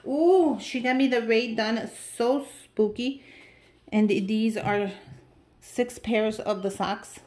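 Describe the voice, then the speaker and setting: A woman vlogger opening gift mail, chatting casually to viewers and gushing with excitement over each item. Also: on the high side, slow. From United States. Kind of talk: casual unboxing chat to viewers.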